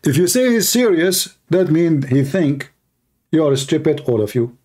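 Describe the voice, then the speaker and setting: Male streamer, higher-pitched and mellow, sarcastic and jeering, broken grammar. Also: very animated, measured pace, husky. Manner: sarcastic and mocking, nonstandard English grammar. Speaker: host of a live religious debate stream. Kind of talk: mocking livestream monologue.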